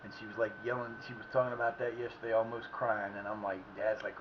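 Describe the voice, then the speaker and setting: In a fairly low, level voice, a man rattles along fast with hardly any pauses while streaming a soccer video game, reacting to plays and chatting to himself in casual commentary. The audio is slightly muffled, with faint background noise.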